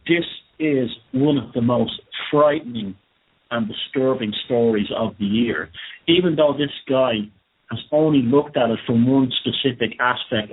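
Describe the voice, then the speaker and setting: A man delivering an indignant monologue commentary, speaking conversationally and hammering key words. His voice is husky and a bit breathy. The sound is narrow and tinny, like a phone line. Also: medium pitch. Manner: indignant and conversational, with repeated emphasis. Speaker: commentator host.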